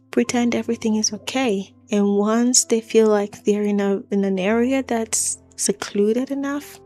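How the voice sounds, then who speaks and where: A woman hosts a true-crime story channel, explaining events in a loose, conversational way. She talks in short, stacked phrases at an even middle pitch. Soft music plays quietly under her voice. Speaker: channel host and narrator.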